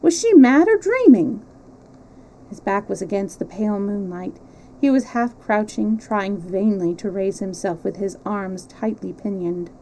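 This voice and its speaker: Mellow woman reading a novel aloud. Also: mid-range voice, slight background noise, poor audio. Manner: expressive, measured reading with small slips. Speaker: storyteller.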